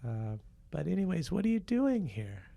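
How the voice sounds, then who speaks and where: A man's voice: a little high, wildly swooping pitch, moderate pace, creaky, dark tone, voice pushed up, heavily acted. A man playing a kid in an improv comedy scene, teasing and mocking Santa, laughing mid-sentence. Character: kid annoyed at getting coal from Santa.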